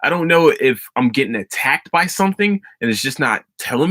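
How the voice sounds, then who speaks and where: A young man hosting a casual solo podcast, ranting about a TV finale in a profane, excitable, rambling way full of restarts. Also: mid-range voice, a little fast, no room sound. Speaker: podcast host.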